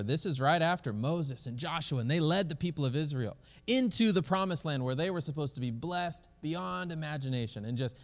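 A male pastor preaching a sermon in a church in a casual, conversational way, often restarting his phrases. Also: on the high side. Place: church sanctuary. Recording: long hall reverb.

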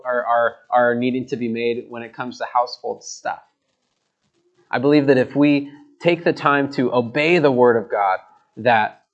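A man preaching a sermon, earnest, repeating words for emphasis as he reads and explains scripture. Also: medium pitch.

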